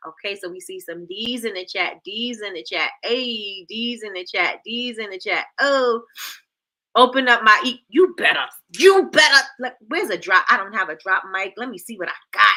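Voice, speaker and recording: A woman's voice: fairly high pitch, bright, forceful tone. A woman hosting a casual livestream, playfully quizzing her chat and repeating herself, calling them y'all. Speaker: livestream host.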